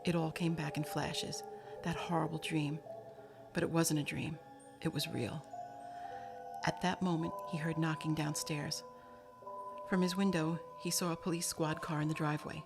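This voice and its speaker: A woman with a low voice reading a novel aloud in a steady, measured storybook manner. Clear background music plays beneath her narration throughout.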